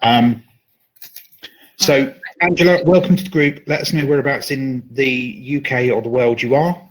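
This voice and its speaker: A man co-hosting a web show, reading out viewer comments in a steady, matter-of-fact way. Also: medium pitch, moderate pace, poor audio. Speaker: co-host.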